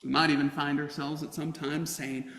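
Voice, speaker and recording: Male pastor, high voice, unhurried storytelling sermon, church hall echo. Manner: storytelling with humor, lively emphasis. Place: church sanctuary. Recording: roomy church hall reverb.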